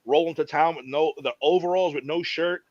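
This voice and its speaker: A man's voice: on the high side, fairly quick, dry recording. A man from New York City chatting casually as a podcast co-host, emphatic and heavy on profanity. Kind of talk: casual chat. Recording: dry, dull lo-fi sound.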